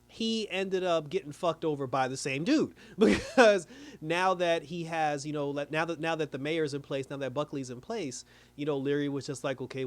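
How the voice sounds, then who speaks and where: A man reviewing a TV episode in casual recap commentary, animated, laughing often and dropping his voice low to mimic characters. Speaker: TV show reviewer.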